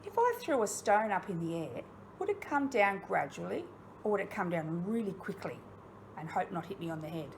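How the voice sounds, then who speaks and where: معلمة أسترالية تتحدث بحيوية مع الأطفال. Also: female voice, on the low side, brisk, gravelly, slight background noise. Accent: Australian. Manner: expressive, questioning, encouraging, speaks directly to pupils. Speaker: primary school teacher. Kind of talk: recorded online lesson for young children.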